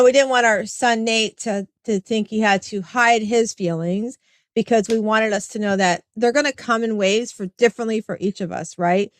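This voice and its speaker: A woman's voice: mid-range voice, no room sound. A middle-aged woman hosting an interview in casual, chatty conversation, telling stories and acting out remembered dialogue. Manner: warm, chatty, storytelling, acts out quoted dialogue. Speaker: podcast host.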